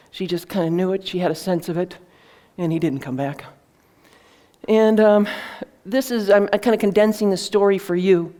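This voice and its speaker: A woman's voice: lowish voice, mellow. Woman author telling an earnest story. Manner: earnest, with many fillers and restarts. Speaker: author presenting her book. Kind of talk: conversational storytelling talk.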